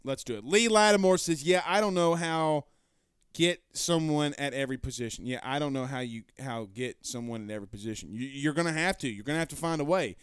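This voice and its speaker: A man hosting a sports talk stream, reading viewer comments aloud and answering them in a loud, passionate, blunt way with some swearing. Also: a little high, a little fast, smooth, dry recording, clean studio sound. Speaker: sports show host. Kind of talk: live-stream chat reading.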